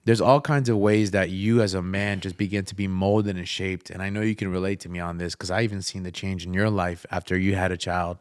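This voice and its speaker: A young man speaks with earnest emotion as he tells a personal story on an interview podcast. His voice sits a little low, smooth and resonant, and it is recorded dry and close. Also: steady tone, brisk, hardly any pauses, no echo. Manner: earnest, emotional, faith-filled, speaks of a father's love. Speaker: interview guest. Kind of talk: heartfelt conversational storytelling.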